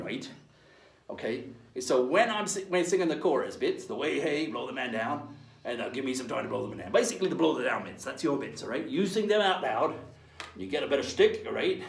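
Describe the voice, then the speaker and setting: Gravelly man playing a jolly pirate teacher. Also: mid-range voice, fairly bright tone, reverberant, far from the mic. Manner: chatty, hearty, checks in with "right?" after each point. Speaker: costumed pirate character teaching children. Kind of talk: playful online children's lesson.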